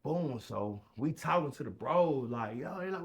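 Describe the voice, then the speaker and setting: A young man telling a story casually on a podcast, acting out voices with sudden loud high bursts. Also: lively intonation, a little slow.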